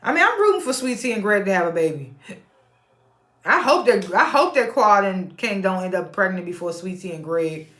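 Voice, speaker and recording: A woman's voice: mid-range voice, very animated, moderate pace, a bit bright, echoey room. Chatty woman recapping a reality show. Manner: chatty, laughs often, retells scenes in quoted voices.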